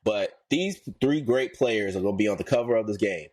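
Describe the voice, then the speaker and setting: Animated ranting man, podcast host. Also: fairly quick. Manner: animated, ranting, pitch climbs high when worked up; slangy casual speech. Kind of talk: casual podcast chat.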